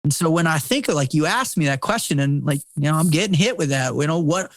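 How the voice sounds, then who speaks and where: A man's voice: fairly high pitch, animated, fast, no room sound. A middle-aged man, a podcast guest and former Navy SEAL, talking in an intense, preachy way with lots of swearing, repeated words and "man.". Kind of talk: impassioned casual conversation.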